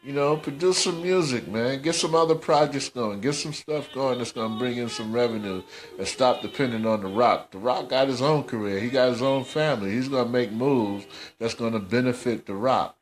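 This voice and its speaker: A man's voice: medium pitch, moderate pace. Scolding male podcast host. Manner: scolding, slangy, repeats himself. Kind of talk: casual commentary podcast.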